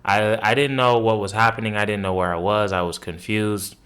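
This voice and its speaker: A man's voice: lowish voice, fairly even intonation, fairly quick, a bit bright, smooth. A man hosting a basketball podcast, ranting casually about a loss with lots of profanity and an exasperated, rambling delivery. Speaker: sports podcast host. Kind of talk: casual sports commentary rant.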